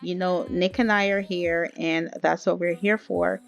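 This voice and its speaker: A woman's voice: on the low side, fairly even intonation, unhurried, creaky. A woman voicing a caring adult male friend in a life-sim game, talking in an earnest, reassuring way with casual slang.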